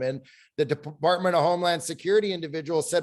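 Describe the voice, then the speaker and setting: Male webinar panelist, slightly high voice, animated storyteller. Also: fast talker. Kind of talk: panel discussion.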